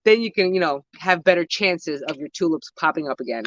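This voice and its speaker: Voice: mid-range voice, expressive, fairly quick, a bit bright, lo-fi sound. A gardening vlogger, chatting casually while walking around an outdoor garden with a handheld phone camera, rambling and correcting themselves, full of slang. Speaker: gardening vlogger answering viewer questions. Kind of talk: casual chat.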